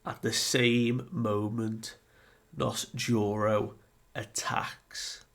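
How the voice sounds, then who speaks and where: A laid-back man talks through a comic chapter slowly and deliberately, his voice carrying a gravelly, creaky texture. He laughs often and slips into playful acted-out scenes while keeping a relaxed, conversational flow. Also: fairly low pitch. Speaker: comic review host. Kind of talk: casual comic book review.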